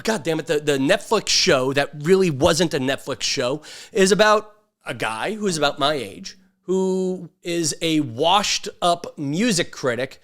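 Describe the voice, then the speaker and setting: A man in his fifties from Long Island, hosting a podcast in a rambling, sarcastic and self-mocking casual monologue. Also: a little high. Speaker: podcast host.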